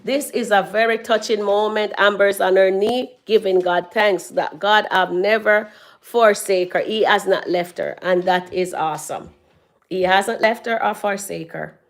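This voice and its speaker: Woman, mid pitch, phone live-stream host reading comments, chatty with loud laughs. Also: fairly even intonation, unhurried. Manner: chatty, reads out viewer comments, laughs loudly. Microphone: phone held at arm's length.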